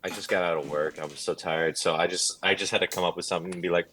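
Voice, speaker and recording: A young man co-hosting a casual podcast, telling a story in an animated way. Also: low-pitched, fast talker, slight background noise. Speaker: podcast co-host. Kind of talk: casual chat.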